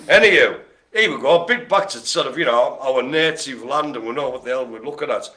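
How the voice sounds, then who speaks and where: A man's voice: medium pitch, a little fast, sharp tone. A man hosting a live online bingo game, full of jokes and wordplay. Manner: joking, wordplay, playful asides. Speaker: bingo host.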